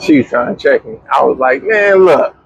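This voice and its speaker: A young man, chatting casually as a podcast co-host and telling a story with lively, slangy quoting. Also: medium pitch, moderate pace, vocal fry, dull audio, slight background noise. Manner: animated, slangy storyteller who acts out quotes.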